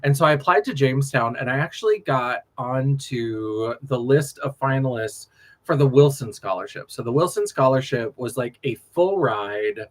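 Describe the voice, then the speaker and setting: A man's voice: mid-range voice, expressive, moderate pace. A man from North Dakota, a drag performer telling stories in a sassy, laughing late-night chat.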